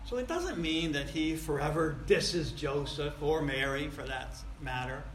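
A man preaching a sermon, swinging between loud, stressed points and quiet asides. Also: a little high, lively intonation, unhurried. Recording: echoey room.

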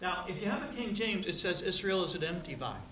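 A man preaching in a church sanctuary, his bright, high voice hammering key words and then sinking low for asides. The sermon rings through an echoing room, with faint ambience underneath. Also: expressive, a little fast, a little hiss or hum. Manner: emphatic, swinging between loud stresses and quiet asides. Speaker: pastor. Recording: roomy echo.

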